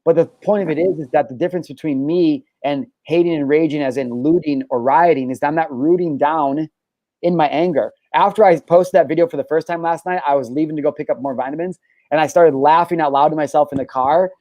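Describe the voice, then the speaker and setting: Emphatic swearing podcast host, dark dry voice. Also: male voice, on the high side, a little fast, no echo, rough recording. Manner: emphatic, swears often, repeats and restarts. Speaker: show host. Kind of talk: candid podcast talk.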